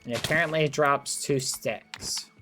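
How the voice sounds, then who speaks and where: A man's voice: medium pitch, steady tone, measured pace, pushed and bright, soft background music. A young man chatting playfully with viewers during a casual live game stream. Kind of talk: casual live-stream chat while playing.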